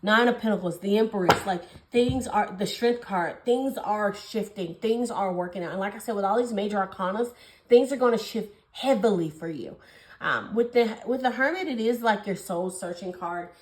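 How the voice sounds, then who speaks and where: A young woman doing a casual tarot reading for her viewers, talking fast in a gushing, affectionate way and calling them honey and babies. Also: mid-range voice, roomy sound, low-quality recording. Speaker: tarot reader.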